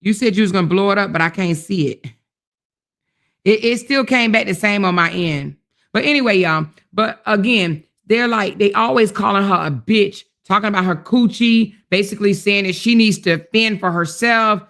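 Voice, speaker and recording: A woman hosts a casual livestream at a mid-range pitch, with a noticeable creaky edge to her voice. She talks straight to her chat and reads comments aloud. She is emphatic and indignant, and she hammers her points home by repeating them. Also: moderate pace, a bit bright.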